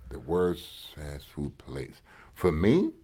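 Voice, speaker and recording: A man co-hosting a podcast, relaxed and swearing, often saying "you know". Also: a bass voice, slow pace, slightly rough. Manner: laid-back, swears, leans on "you know". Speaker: podcast co-host. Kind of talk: casual chat.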